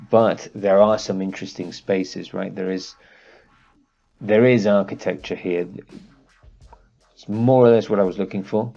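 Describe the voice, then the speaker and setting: A man teaching an architecture course, walking through a software demo in a relaxed way, thinking aloud with fillers. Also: sits low, measured pace, creaky, pauses often, muffled recording, faint music behind. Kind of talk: screen-share software tutorial.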